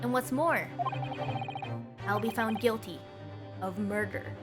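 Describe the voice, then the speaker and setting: With music playing in the background, a young woman streams a game and reads its dialogue aloud in several voices. Her voice is fairly high and slow, and she reacts with playful giggles.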